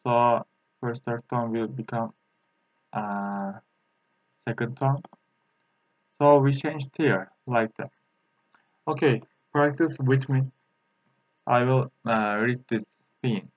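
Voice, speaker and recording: A man teaching a language lesson, a Turkish native speaker, talking in a halting way with many fillers and repeating sounds slowly for practice. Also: medium pitch, steady tone, dry recording, highs cut off.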